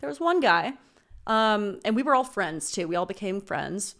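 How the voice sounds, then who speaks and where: A woman in her twenties, a podcast guest, casually telling a story in an animated way, swearing freely and laughing as she goes. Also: medium pitch, moderate pace, vocal fry.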